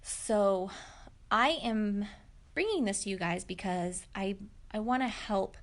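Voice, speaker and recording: A woman's voice: mid-range voice, expressive, slow. A woman, telling a personal story to camera in a candid, reflective, chatty way with many fillers. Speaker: vlogger.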